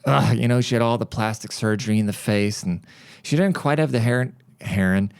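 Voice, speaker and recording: A man's voice: lowish voice, moderate pace, creaky, darkish tone, clear, resonant tone, dry recording. A man hosting a podcast, telling stories in a blunt, profane, casual rant. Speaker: podcast host.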